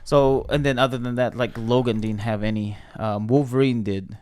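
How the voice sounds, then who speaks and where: A man's voice: medium pitch, fairly even intonation, normal speed, a little mellow, clean tone, no room sound, clean studio sound. A man co-hosting a podcast, reviewing a movie in casual chat, blunt and opinionated with plenty of fillers. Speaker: podcast co-host.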